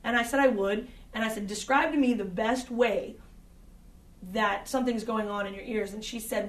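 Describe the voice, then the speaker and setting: Woman, audio engineer, teaching tone, higher voice, echoey room, mic some distance away. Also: steady tone, normal speed. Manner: direct, conversational with frequent fillers. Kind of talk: instructional talk.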